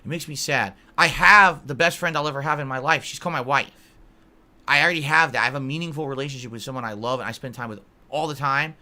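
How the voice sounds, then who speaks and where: A man's voice: mid-range voice, quick pace, pushed and bright. A man in his early forties answering live chat on a stream, blunt and easily irritated, calling viewers idiots. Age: 40s.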